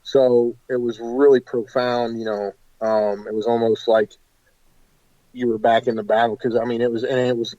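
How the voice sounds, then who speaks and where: A man being interviewed about paranormal investigations, telling stories in an animated, hesitant way full of fillers. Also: mid-range voice, moderate pace, dry recording, dull audio. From United States. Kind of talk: casual interview storytelling.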